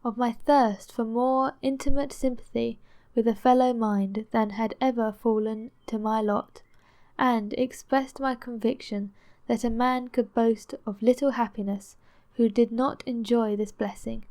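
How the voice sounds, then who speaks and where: A woman narrating a classic novel for an audiobook, her voice sitting a little high. She keeps a measured, steady reading pace throughout. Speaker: audiobook reader.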